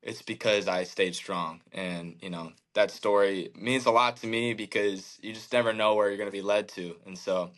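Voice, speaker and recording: A man in his thirties, a podcast guest, telling a candid personal story in an earnest, halting way, with many fillers and restarts. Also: on the low side, fairly bright tone. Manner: emotional, reflective faith talk. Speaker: podcast guest, baseball pitcher.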